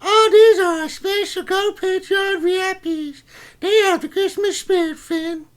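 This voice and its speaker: A man doing a very high, squeaky voice as a cheery male Christmas poo character, shrill and giggly. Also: steady tone, measured pace. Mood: jolly. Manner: shrill, giggly, rowdy and crude. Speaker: live stream co-host.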